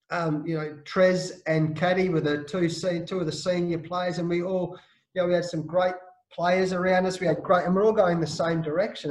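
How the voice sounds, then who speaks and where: A man from Australia, a former cricketer, telling a lively, emphatic anecdote as a podcast guest. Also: fairly high pitch. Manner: lively, emphatic storyteller, slangy. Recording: roomy echo.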